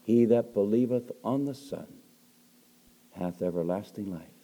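Older male evangelist, deep mellow tone, dramatic loud-to-soft delivery. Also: unhurried. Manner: emphatic, swings between loud emphasis and soft hushed storytelling. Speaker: preacher. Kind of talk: evangelistic sermon.

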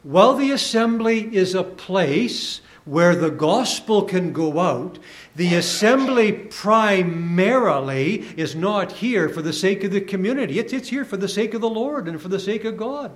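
With a high voice and lively intonation, this Canadian preacher delivers his sermon earnestly and deliberately. His voice climbs to stress points, then softens as each phrase falls away.

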